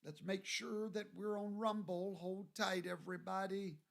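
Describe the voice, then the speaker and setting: A man from Louisiana, hosting a livestream and greeting viewers by name in a folksy, drawn-out way. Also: high-pitched, fairly even intonation, gravelly, fairly bright tone. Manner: folksy, drawn-out, reads viewer names aloud. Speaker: show host.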